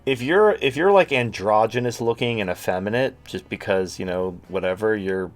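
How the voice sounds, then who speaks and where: A man's voice: lowish voice, moderate pace, soft background music. Crude, rambling man hosting a stream. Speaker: host. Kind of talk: casual livestream talk.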